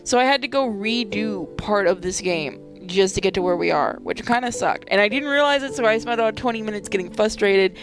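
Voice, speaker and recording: A woman's voice: mid-range voice, a little fast, few pauses, music in the background. A woman hosting a game playthrough, chatting casually in a rambling, self-deprecating way. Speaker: gaming channel host. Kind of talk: casual let's-play commentary.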